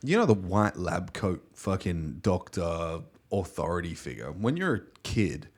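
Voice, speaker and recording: A man's voice: low-pitched, big pitch swings, unhurried. A man co-hosting a podcast, chatting bluntly with frequent swearing and jokes. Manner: blunt, profane, joking. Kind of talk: casual podcast chat.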